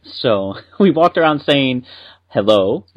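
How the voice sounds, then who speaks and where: A man's voice: medium pitch, expressive, slow. Guy co-hosting a chatty podcast, upbeat, kinda muffled lo-fi audio. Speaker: podcast co-host. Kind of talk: casual podcast chat.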